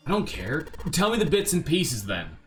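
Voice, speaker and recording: A man's voice: a little high, huge pitch swings, moderate pace, fairly bright tone, soft background music, voice pushed up. A man reading as a pushy worried young guy. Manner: questioning, pressing for answers.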